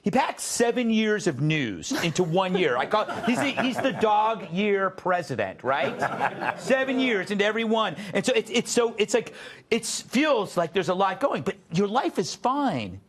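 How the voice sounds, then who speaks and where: A man with a high, bouncy voice that swings all over as he hosts a panel show. He jokes in quick asides and laughs along with himself. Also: big pitch swings, crowd noise. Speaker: talk show host. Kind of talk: panel talk show banter.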